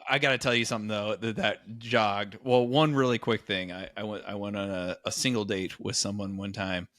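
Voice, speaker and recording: A man's voice: fairly low pitch, a little fast, no echo, studio quality. A man co-hosting a podcast, telling college stories in casual chat and acting out the voices of the people in them. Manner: animated storyteller, acts out quoted voices. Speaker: podcast co-host.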